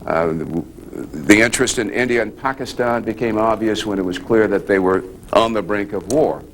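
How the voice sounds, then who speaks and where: Older guy journalist, really low voice, slow and deliberate, pausing a lot. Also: slight background noise. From United States. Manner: measured, deliberate, with pauses and restarts. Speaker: guest speaker, journalist. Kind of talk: storytelling answer at a press club Q&A.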